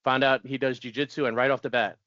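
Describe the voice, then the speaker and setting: A man's voice: medium pitch, flat delivery, fast, bright, forceful tone, dry recording. Chatty man in his forties, dull audio. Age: 40s. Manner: chatty, laughs often, restarts sentences. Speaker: podcast guest. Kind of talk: casual storytelling interview.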